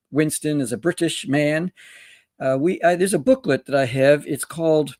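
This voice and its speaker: A man's voice: a little high, a little mellow, no room sound, clean studio sound. A man hosting an interview, talking in a rambling way. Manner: rambling, full of fillers and restarts. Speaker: host. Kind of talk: interview host.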